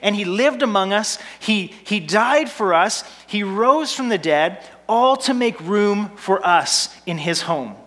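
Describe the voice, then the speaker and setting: A man's voice: sits high, expressive, slow, hardly any pauses, fairly bright tone. A male pastor giving a sermon in a conversational, humorous way, asking the congregation rhetorical questions. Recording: long reverb in a large hall.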